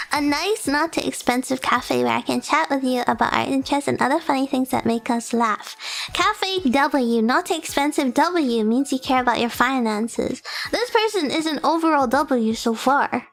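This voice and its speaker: A woman's voice: high voice, measured pace, vocal fry, faint music behind. A young woman streaming as a VTuber, reading viewer submissions aloud in casual chat, bubbly and giggly, gushing with praise.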